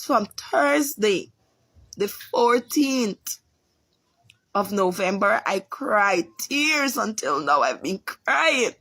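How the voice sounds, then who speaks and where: A Guyanese woman, a mother, tells an emotional story and keeps circling back to the key moments. Her voice is husky and a little breathy, and it sounds close and dry, with no room around it. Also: mid-range voice, fairly bright tone, dry recording. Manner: pleading, repetitive retelling. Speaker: mother of a sick patient. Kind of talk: emotional personal account.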